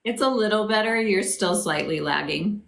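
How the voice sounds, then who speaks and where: A woman's voice: mid-range voice, moderate pace, vocal fry, echoey room. A married woman co-hosting a witchcraft live stream, chatty, encouraging and teasing. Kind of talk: casual live-stream chat. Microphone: phone on a live stream.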